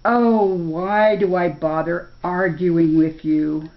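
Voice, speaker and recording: An older woman gives voice to a lazy, vain, toothy male forest beast who speaks in a languid, self-satisfied, lordly manner. Her pitch is fairly low and her intonation fairly even, and she takes it slowly. The recording sounds dull and lo-fi.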